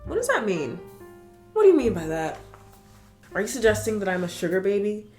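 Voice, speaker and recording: A woman's voice: mid-range voice, wildly swooping pitch, fairly quick, a little mellow, soft background music. A woman in her twenties chatting casually while getting ready, telling stories with sarcastic asides. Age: 20s. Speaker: vlogger. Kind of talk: casual get-ready-with-me chat.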